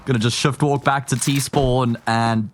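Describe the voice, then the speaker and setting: A male esports caster with a South African accent, doing lively play-by-play with chatty banter. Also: mid-range voice, unhurried, background noise. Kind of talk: play-by-play commentary.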